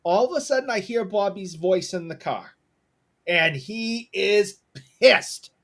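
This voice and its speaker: A man co-hosting a casual podcast who tells stories in an animated, mock-apologetic way. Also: high-pitched, unhurried. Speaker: podcast co-host.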